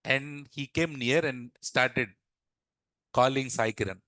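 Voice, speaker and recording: Brief: male teacher, bright and fairly high, dry close sound, quizzes the class. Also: slow pace, dry recording, soft background music, low-quality recording. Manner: repeats questions to the class, asks "yes or no". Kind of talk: classroom lesson told as a story.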